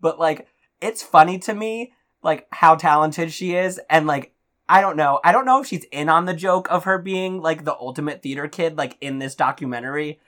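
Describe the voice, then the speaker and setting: A man's voice: fairly high pitch, normal speed. A man co-hosting a podcast, chatting casually and telling gossip with lots of filler words. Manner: gossipy, many likes and ums, animated storytelling. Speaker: podcast co-host. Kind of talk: casual chat.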